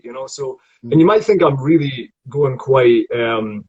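A man's voice: mid-range voice, a little slow, a little mellow, slightly rough, highs cut off. A man with a Scottish accent, a voice coach explaining acting technique in a chatty way with many restarts. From Scotland. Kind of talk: online acting lesson conversation.

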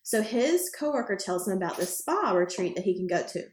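A woman's voice: medium pitch, sing-song, fairly quick, roomy sound. A woman co-hosting a podcast, chatting casually and rambling with lots of fillers and the odd swear word. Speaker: podcast co-host. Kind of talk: casual chat.

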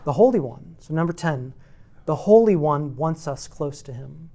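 A man's voice: on the high side, expressive, moderate pace, dark tone, slight background noise. A man teaching a church class on meditating on scripture, working through numbered points and repeating rhetorical questions. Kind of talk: teaching sermon.

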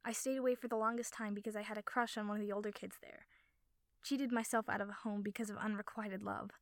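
A woman voicing a guarded eighteen-year-old young man who speaks quietly and reluctantly. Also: sits high, flat delivery, fast talker, creaky, no room sound.

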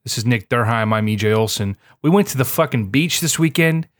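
A young man co-hosting a podcast, talking in a put-on Minnesota accent. He jokes around loosely and keeps calling people bud. His voice sits at an ordinary pitch and sounds dry and close. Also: lively intonation, a little fast, fairly bright tone, no room sound. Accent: mock Minnesota accent. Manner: joking, drifts into a put-on folksy accent calling everyone bud. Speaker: podcast co-host. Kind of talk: casual chat.

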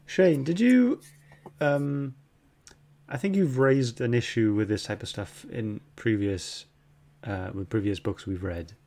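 A man hosting a casual book club podcast, reading out viewer questions in a relaxed way. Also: mid-range voice, takes it slowly.

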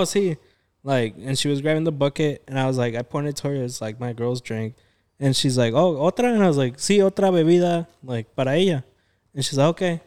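A man's voice: on the high side, a little mellow, smooth. A young man chatting casually with friends, telling a long story that switches freely between English and Spanish slang and is full of swearing and quoted dialogue. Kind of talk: casual chat among friends.

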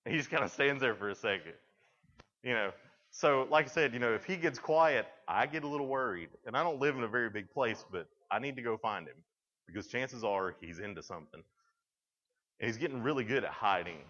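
A man's voice: on the low side, a bit bright. A young man giving a casual youth sermon, chatty and loose, full of fillers, acting out the people he quotes. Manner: chatty, full of "like" and "you know", acts out quotes. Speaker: youth pastor. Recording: dull lo-fi podcast recording.

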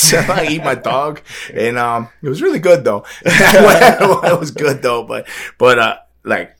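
A man spins a loose anecdote in casual conversation. He rambles, stumbles over repeated words and keeps breaking into laughter. His voice sits at a middling pitch. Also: animated, a little slow, fairly bright tone. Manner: rambling, laughs often, many fillers and repeats. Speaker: guest, wrestler. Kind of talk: casual storytelling.

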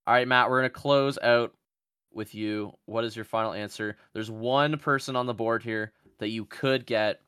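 A man's voice: medium pitch, steady tone, normal speed, fairly bright tone, clean tone, dry recording, clean studio sound. A man hosting a casual quiz game among friends, joking loosely and swearing often. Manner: profane, laughing, loose. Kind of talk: casual podcast banter.

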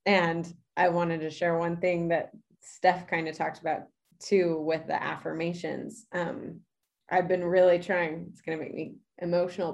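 Woman coach, lower-pitched, talks in an earnest, gushing flow peppered with "like.". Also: creaky, a little mellow. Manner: earnest and gushing, with many "like" fillers. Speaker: fitness coach. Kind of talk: casual heartfelt sharing in a live group session.

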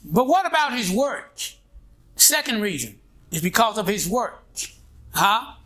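A man's voice: high voice, very animated, a little slow, fairly bright tone. A man preaching a sermon in a call-and-response style, prodding his congregation with "what?" and "huh?" and waiting for them to answer. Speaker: pastor.

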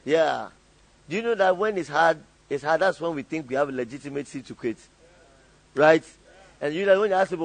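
A man's voice: on the high side, expressive, brisk, low-quality recording. A male pastor preaching a sermon, calling on the congregation to fill in and repeat lines, often laughing. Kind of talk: call-and-response sermon.

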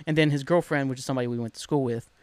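A podcast host chatting casually and reminiscing in an easygoing, relaxed way. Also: mid-range voice, very fast, dry recording. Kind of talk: casual chat.

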